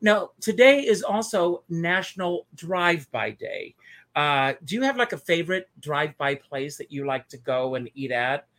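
Bright-voiced male talk show host. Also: on the high side, normal speed. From South Carolina. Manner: lively, chatty, laughs at his own jokes. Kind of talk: online talk show chat.

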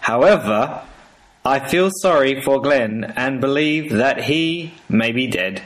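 A man's voice: mid-range voice, lively intonation, slow, low-quality recording. A man putting on a mock-formal Australian Siri assistant voice in a joking voicemail. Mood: deadpan teasing. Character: cheeky male Siri assistant voice. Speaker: listener voicemail caller.

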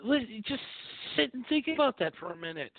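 A man's voice: very high voice, fairly quick, no room sound, phone-quality sound. Crude rambling guy hosting a call-in, up and down a lot, dry phone-ish sound. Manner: profane, rambling and animated. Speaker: call-in show host. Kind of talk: crude casual call-in talk.

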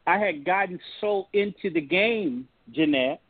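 Animated preacher man on a phone line. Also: high-pitched, measured pace, no room sound. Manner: animated, folksy storytelling with Southern turns of phrase. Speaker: pastor. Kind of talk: storytelling on a call-in talk show. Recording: tinny phone-line audio, dry.

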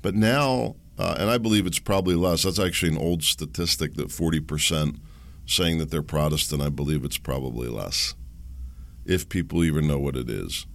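A man's voice: extremely low pitch, moderate pace, creaky. A middle-aged man hosting a solo podcast, rambling and ranting sarcastically, chuckling at his own asides. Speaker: podcast host.

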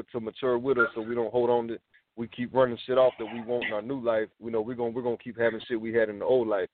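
A man co-hosting a casual talk radio show, rambling and philosophizing with plenty of swearing. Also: mid-range voice. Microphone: phone in hand. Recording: tinny phone-line sound, dry.

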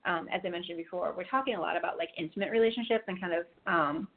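A woman's voice: on the low side, fast talker, a little hiss or hum. A woman co-hosting a casual chat, telling stories in a chatty way with lots of fillers. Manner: chatty storyteller, many fillers. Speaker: co-host. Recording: tinny phone-like line.

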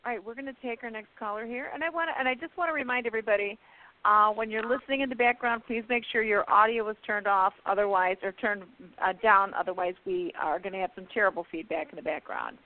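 A woman hosting a call-in radio show, speaking in a brisk, upbeat way. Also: medium pitch. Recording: tinny phone line.

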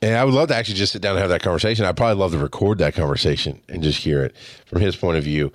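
A man in his thirties telling personal stories as a podcast host, expressive and casual, swearing freely and acting out what people said. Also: sits low, a little fast, no room sound, clean studio sound. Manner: expressive, swears casually, acts out quoted dialogue. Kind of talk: personal storytelling monologue.

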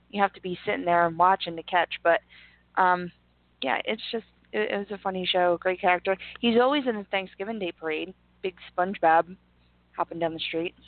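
A woman's voice: medium pitch, no room sound. A woman co-hosting a radio show, chatting casually and laughing often. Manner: laughs often, quick reactions. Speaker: radio co-host. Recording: tinny dry phone-like line.

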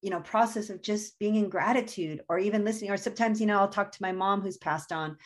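A woman's voice: mid-range voice, fast. A woman, a guest author, speaking in an earnest, reflective way as she tells personal stories in a conversational interview.

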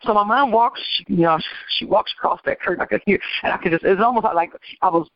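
A woman attorney from Michigan telling her life story as an interview guest, animated and acting out the people she quotes. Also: medium pitch, fast talker, no room sound. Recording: dull, dry lo-fi recording.

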